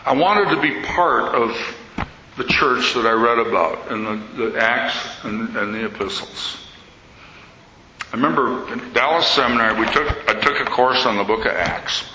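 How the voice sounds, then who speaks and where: An older man, an Orthodox priest, giving a talk in sermon style and telling stories with lively quoted voices. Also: mid-range voice, normal speed. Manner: storytelling, animated quoting of others. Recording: echoey hall, slightly dull sound, faint noise.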